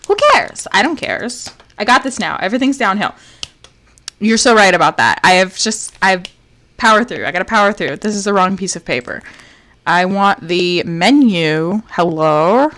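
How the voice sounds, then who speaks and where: A woman livestreams a video game, chatting casually and sounding exasperated. She swings between loud outbursts and low muttering, swears freely, and speaks in an animated, slightly fast way.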